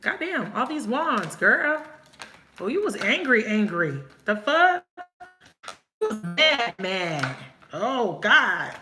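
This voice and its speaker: A woman's voice: on the high side, sing-song, slow, roomy sound, background noise. A woman reading tarot cards in a casual live chat, swearing now and then and laughing often as she talks to viewers. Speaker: tarot reader.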